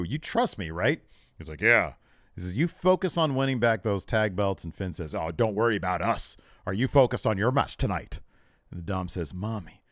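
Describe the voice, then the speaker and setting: Man, podcast co-host, casual recap, low voice, dry recording. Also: no echo. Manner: retells scenes, reading lines in character with laughs.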